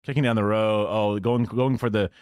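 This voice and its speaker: Sarcastic low-voiced male streamer, dry sound. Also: fairly even intonation, normal speed, a little mellow, smooth, no echo. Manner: rambling, sarcastic, swears, mocks in put-on quotes. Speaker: streamer reacting to news clips. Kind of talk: casual live-stream commentary.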